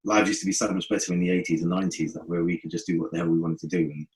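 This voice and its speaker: A man's voice: deep voice, rapid-fire, low-quality recording. A man from North West London, a musician guest telling stories in a casual podcast interview and slipping into patois when he quotes friends. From North West London, England. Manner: animated storytelling, slips into friends' patois.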